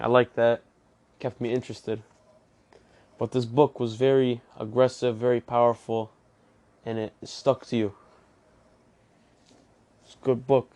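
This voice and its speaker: Young man, book review podcast host, casual and chatty, smooth clear voice, flat even intonation. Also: medium pitch. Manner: chatty, repetitive, plainspoken.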